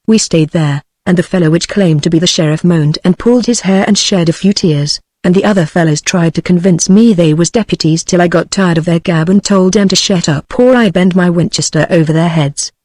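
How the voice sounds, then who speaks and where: A text-to-speech voice of a woman with a British English accent, reading an audiobook in a steady, even way. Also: fairly low pitch, a little fast, hardly any pauses, dry recording. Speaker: audiobook narrator.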